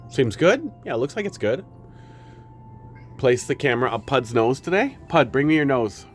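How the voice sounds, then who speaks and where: A man's voice: medium pitch, very animated, moderate pace, soft background music. A man streaming live, chatting casually with his viewers and cooing to his pets.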